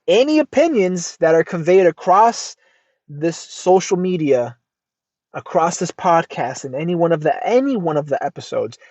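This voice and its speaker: An American man hosting a casual advice podcast, reacting to a post in an emphatic, lively way and swearing freely. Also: fairly high pitch, no room sound. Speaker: podcast host. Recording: dull lo-fi dry sound.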